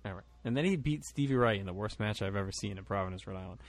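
A man's voice: on the low side, very fast. A man hosting a casual podcast, running the segment and teasing his co-host. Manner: lively, teasing, runs the segment.

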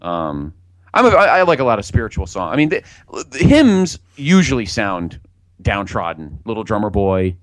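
A man's voice: lowish voice, wildly swooping pitch, moderate pace, no echo. A man co-hosting a casual comedy podcast, easygoing and agreeable, laughing along with his partner. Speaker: podcast co-host.

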